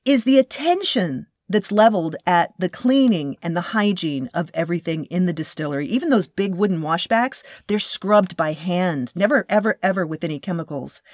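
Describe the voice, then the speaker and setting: A woman's voice: on the low side, expressive, normal speed, few pauses, dry recording, clean studio sound. A woman host telling a story in a casual, enthusiastic way, often restarting and searching for words. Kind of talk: casual narration about a craft distiller.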